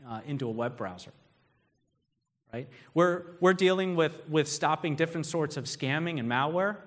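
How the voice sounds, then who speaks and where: A man's voice: on the high side, a bit bright. A man giving a conversational keynote talk, telling stories and putting questions to the audience. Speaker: speaker. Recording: long hall reverb.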